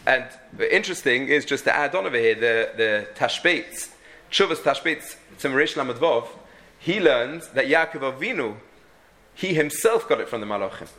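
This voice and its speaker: A man's voice: medium pitch, animated, moderate pace, sharp tone. A man teaching a halachic lesson, thinking aloud with frequent restarts and many Hebrew and Yiddish terms. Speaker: Torah teacher.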